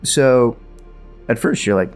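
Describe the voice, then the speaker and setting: A man's voice: medium pitch, very animated, takes it slowly, soft background music. A man narrating as game master, loose and hesitant, with many fillers.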